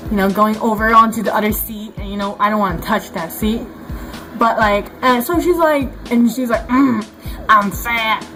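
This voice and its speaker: A woman's voice: on the high side, fairly bright tone. A young woman vlogging a casual rant to camera, swearing freely and filling her talk with likes and you knows. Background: faint background music.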